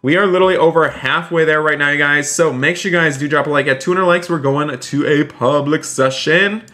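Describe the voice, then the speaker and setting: Excitable bright-voiced male streamer. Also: brisk. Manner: excitable and gushing, often jumping into high squeals. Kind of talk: live-stream role-play commentary.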